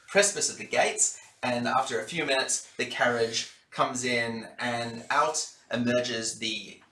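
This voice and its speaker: Bright-voiced man narrating a tabletop game. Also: mid-range voice, unhurried. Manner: descriptive narration with fillers. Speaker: dungeon master. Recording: roomy room sound.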